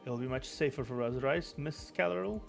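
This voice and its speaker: A man reading the lines of a smug, scheming male manager who loudly taunts the others. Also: medium pitch, fairly quick, vocal fry, lightly acted. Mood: gloating. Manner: loud gloating taunts. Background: background game music.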